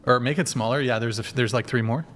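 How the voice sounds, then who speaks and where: A man's voice: mid-range voice, steady tone, fairly bright tone. A man hosting a casual panel chat and talking with many fillers and restarts. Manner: halting, filler-heavy talk. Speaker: host.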